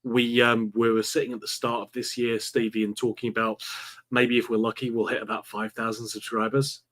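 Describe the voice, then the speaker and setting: A man's voice: mid-range voice, level tone, brisk, fairly bright tone, a little hiss or hum. A man co-hosting a football podcast, talking earnestly and with strong opinions. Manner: earnest, opinionated, frustrated about the manager. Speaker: podcast co-host. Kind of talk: casual football podcast chat.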